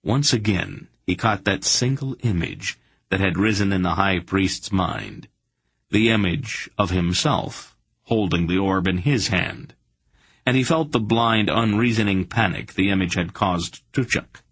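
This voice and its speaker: Male audiobook narrator, very low, husky, dry, steady telling. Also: no room sound. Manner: steady, measured storytelling.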